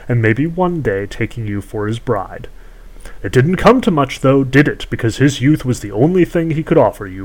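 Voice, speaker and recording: A man's voice: mid-range voice, lightly acted, low-quality recording. Man playing a cool, condescending sorceress; haggling storybook villain. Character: scheming ageless sorceress woman who trades in stolen youth.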